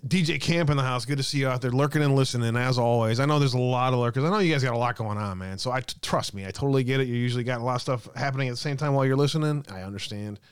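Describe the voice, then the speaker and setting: Chatty male live-stream host, smooth voice. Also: mid-range voice, very fast, few pauses, no room sound, clean studio sound. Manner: chatty, reads chat aloud, laughs often. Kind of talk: casual live-stream chat.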